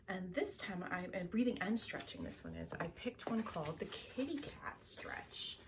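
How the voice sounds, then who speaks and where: Woman, children's librarian; calm, soothing bedtime reading, gentle and partly whispered; sits a little low in pitch. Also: normal speed, vocal fry, hardly any pauses, background noise. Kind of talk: bedtime story time and breathing exercise.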